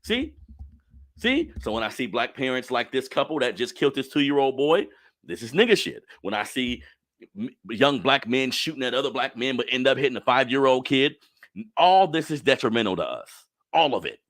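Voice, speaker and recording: A man's voice: mid-range voice, very animated, normal speed, fairly bright tone. A man hosting a podcast, talking bluntly and profanely in an impassioned monologue, calling his listeners family. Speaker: podcast host.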